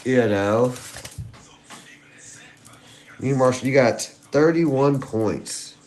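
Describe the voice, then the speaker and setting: A man, hosting a live stream and chatting excitedly with viewers. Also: mid-range voice, extremely slow. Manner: excitable, giddy, chats to viewers. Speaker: livestream host hunting coins. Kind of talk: casual live-stream chat.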